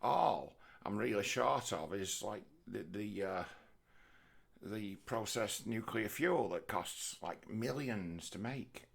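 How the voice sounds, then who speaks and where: A man's voice: lowish voice, gravelly, a bit bright, husky. A middle-aged man telling a rambling, sweary comic monologue, breaking into mocking voices. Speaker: comedian. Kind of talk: rambling stand-up style monologue.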